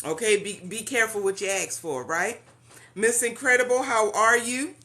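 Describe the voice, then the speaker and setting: A woman's voice: fairly high pitch, normal speed, bright, forceful tone. A woman hosting a live-stream meeting, chatty and welcoming, greeting viewers by name and saying "y'all.". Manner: uses Southern-style "y'all".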